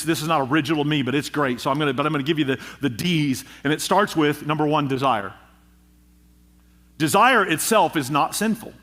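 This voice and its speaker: A pastor preaching a sermon, with emphatic delivery and rhythmic repetition. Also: male voice, a little high, fairly bright tone. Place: church.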